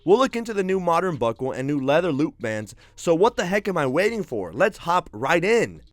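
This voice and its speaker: A man's voice: fairly high pitch, very animated, a little fast. A young man reviewing watch bands in an upbeat, slangy way, sounding sick and congested. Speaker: tech reviewer. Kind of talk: scripted product review.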